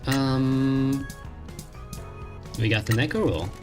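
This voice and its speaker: A man streaming a game, reading its text aloud in a dry, deadpan way with wry asides. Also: mid-range voice, slow. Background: game music.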